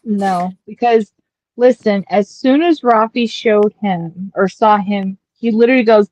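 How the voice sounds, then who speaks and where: A woman's voice: medium pitch, measured pace, a little mellow, low-quality recording. A woman streamer chatting casually on a headset, rambling and full of fillers. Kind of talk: casual chat.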